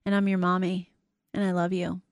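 A woman's voice: on the low side, level tone, fairly quick, no room sound. Woman, middle-aged, faith talk host, encouraging, scripture quoting, dry sound. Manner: warm encouraging, quotes scripture.

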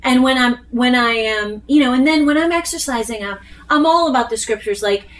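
A woman's voice: fairly high pitch, a little fast. Earnest woman leading a Bible study. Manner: earnest, animated, quotes scripture. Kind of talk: casual group Bible study talk. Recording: distant mic with faint room noise.

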